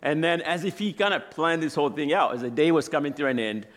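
A man's voice: a little high, expressive, fast talker, fairly bright tone. A man in his thirties preaching in a church as a guest speaker, telling personal stories in a casual, chatty way and laughing as he goes. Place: church sanctuary.

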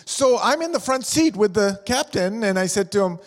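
A man's voice: sits high, expressive, moderate pace. A middle-aged man preaching a sermon in church, chatty and jokey, telling stories and asking the room questions. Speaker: pastor and district superintendent. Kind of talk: sermon with humorous storytelling. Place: church hall with a live congregation. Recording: long hall reverb.

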